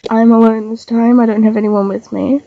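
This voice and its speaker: A woman's voice: a little high, little pitch movement, a little fast, warm tone, dull audio, a little hiss or hum. A young woman with a stuffy, nasal voice from a cold, chatting casually on a livestream while drawing. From Australia. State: sick, nasal voice. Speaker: livestreaming artist. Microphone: desk microphone.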